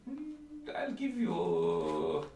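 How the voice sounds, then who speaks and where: A man's voice: very high-pitched, huge pitch swings, extremely slow, mellow, recorded from a distance, slight background noise, pitched above the performer's own voice, full character voice. A man voicing a courteous, shrewd male merchant who talks formally and haggles over prices. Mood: haggling. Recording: roomy echo.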